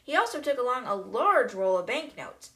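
Sly pushy detective guy, read by a woman, bright high voice, plain storybook read. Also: very animated, normal speed. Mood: insistent.

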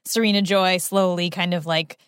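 A woman's voice: lowish voice, steady tone, smooth, no room sound. A woman co-hosting a podcast, reacting casually and leaning on "like" as she talks. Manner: quick, laughing, lots of "like". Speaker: podcast co-host. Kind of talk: casual recap chat.

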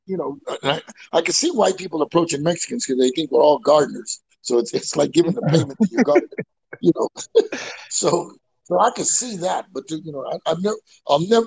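Raspy guy hosting a chill podcast, kinda high voice, laughs a lot while telling stories. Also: rough recording. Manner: animated storyteller, laughs a lot. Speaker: podcast host. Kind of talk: casual call-in chat.

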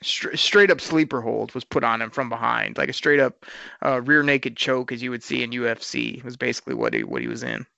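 Gravelly, bright-voiced man talking sports. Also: medium pitch, fairly quick, no echo, dull audio. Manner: animated, frustrated game breakdown. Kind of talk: casual sports talk.

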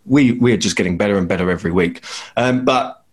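A man hosting a motorsport chat podcast, briskly moving the conversation along. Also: lowish voice. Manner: brisk, steers the talk. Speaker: podcast host. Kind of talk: casual chat.

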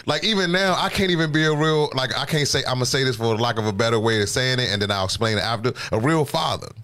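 A man in his forties from Washington, D.C., hosting a podcast in casual chat, telling loud, profane stories with laughing asides. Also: mid-range voice, quick pace. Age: 40s. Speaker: podcast host.

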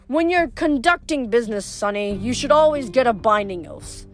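A woman's voice: a little high, lively intonation, moderate pace, soft background music, lightly acted. A woman voicing a boastful, smug three-bodied male rancher villain in a storybook reading. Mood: taunting. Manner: smug, taunting.

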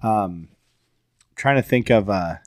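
A man co-hosting a casual podcast chat, playful and trying quick impressions. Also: fairly low pitch, expressive, a little mellow, no echo, studio quality. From Iowa. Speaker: podcast co-host.

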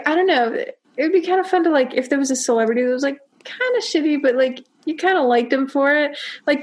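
A young woman co-hosting a casual book-club podcast, giggly and rambling, full of "like" fillers. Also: high-pitched. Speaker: podcast co-host.

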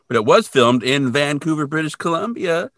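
A man co-hosting a podcast, casually retelling an episode with lively sound effects. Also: a little high, moderate pace, no echo, studio quality. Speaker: podcast co-host.

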